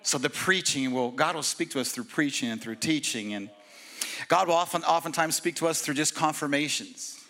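A male pastor preaching an energetic, casual sermon with slang and humor at a church service. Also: fairly high pitch, normal speed.

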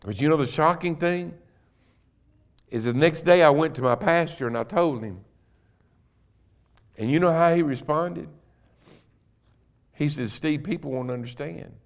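A middle-aged man, a guest preacher in a church, telling his own conversion story and building to loud, emphatic preaching. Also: fairly high pitch, a little slow, vocal fry, long pauses. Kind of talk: sermon. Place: church sanctuary.

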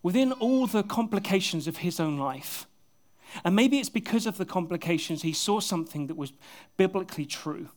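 A male pastor preaching an earnest sermon to his congregation, often dropping to soft, intimate tones, with a touch of self-deprecating humor. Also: high voice, animated, moderate pace. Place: church service with a congregation.

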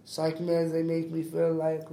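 Raspy, creaky young man. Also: completely flat delivery, dark tone. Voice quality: deep and raspy from smoking. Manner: halting, repeats words, says "like" often. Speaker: interviewee. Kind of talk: casual interview talk. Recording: roomy echo.

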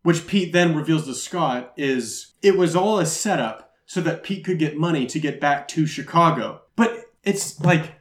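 A man's voice: on the high side, expressive, unhurried, hardly any pauses. A man casually recapping a movie plot, rambling and amused, with many fillers. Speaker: podcast co-host. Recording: roomy echo.

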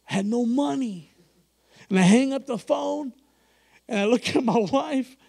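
A man preaching in an animated way, his voice sitting high for a man. He acts out the people in his story and breaks into laughs as he goes. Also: moderate pace, gravelly. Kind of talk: sermon storytelling.

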